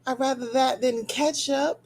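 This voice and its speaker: A woman's voice: sits high, fairly even intonation, unhurried, slightly rough. A woman teasing and joking with friends in a casual chat on a video call. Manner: teasing, playful. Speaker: guest.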